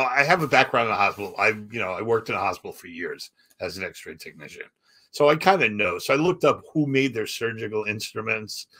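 A man talks in a low-pitched voice with a bright, forceful edge. He is a comedian guest on a podcast, telling stories animatedly and acting out other people's lines as he goes. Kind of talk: storytelling in a podcast chat.

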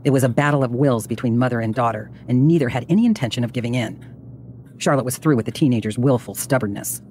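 A man narrating a true crime drama in a measured, dramatic storytelling manner. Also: mid-range voice, darkish tone, a little hiss or hum.

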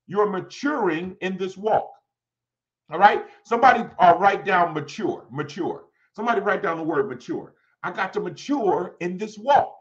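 A man's voice: high-pitched, moderate pace, lo-fi sound. A man in his forties teaching from the Bible to his congregation, loose and conversational, often checking in with "all right?". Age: 40s. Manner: lively, talks to the congregation, repeats "all right?". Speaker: pastor. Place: church.

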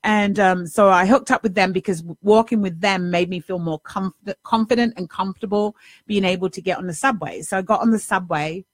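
Animated woman life coach telling a story. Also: medium pitch, a little fast, no echo, clean studio sound. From New York City. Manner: animated, repeats herself, rhetorical "right?" asides. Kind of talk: personal storytelling monologue.

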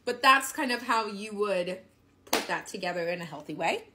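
A woman giving a singing lesson as a vocal coach, bubbly and quick to laugh at herself, breaking into sung demonstrations. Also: medium pitch, animated.

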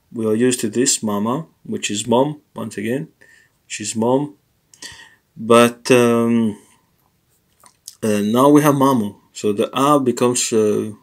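Slow, hesitant male language teacher. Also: medium pitch. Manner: hesitant, pauses with frequent fillers and corrects himself. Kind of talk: explaining a grammar lesson.

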